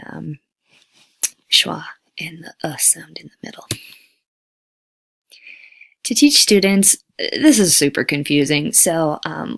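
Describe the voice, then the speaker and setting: Slow, gravelly-voiced woman teaching vowels. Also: low-pitched, fairly bright tone, dry recording. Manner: slow, deliberate, modeling vowel sounds. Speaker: ESL teacher and lecturer. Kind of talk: recorded lecture.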